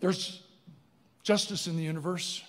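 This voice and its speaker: A middle-aged man giving a comic, animated motivational speech, telling a story to a live audience. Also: sits high, unhurried. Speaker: keynote speaker. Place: large barn event venue, live audience. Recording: long hall reverb.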